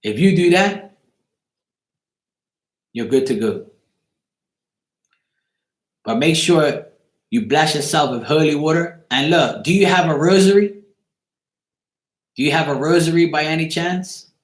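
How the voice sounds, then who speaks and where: Here the host's voice sits a little high, and he talks at a measured pace broken by long pauses. He's casually advising a viewer on his live chat show in an echoey room, hammering points repeatedly, swearing freely, and tacking on "right?" again and again.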